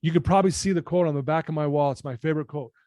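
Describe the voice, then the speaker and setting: Coach in his fifties, podcast guest. Earnest, animated storyteller, slightly high pitch. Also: very fast, no room sound, studio quality. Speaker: guest, personal-development coach.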